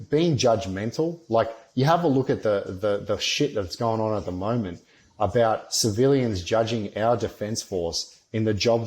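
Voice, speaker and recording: Blunt, swearing man, low voice. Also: a little mellow. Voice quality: swears constantly, blunt and rambling. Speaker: podcast guest, ex-soldier. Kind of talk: casual podcast chat.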